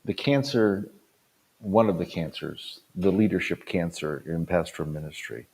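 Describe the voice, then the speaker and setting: A man around sixty, a pastor giving an earnest talk to other pastors, stressing points by repeating them and swinging between loud punches and quiet drops. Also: sits low, moderate pace, slightly rough. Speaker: pastor and conference speaker.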